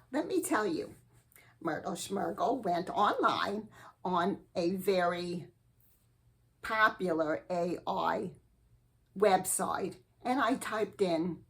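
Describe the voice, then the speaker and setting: A woman hosting a spiritual advice show, giving a slow, earnest and sweetly eccentric comic monologue. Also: mid-range voice, breathy edge.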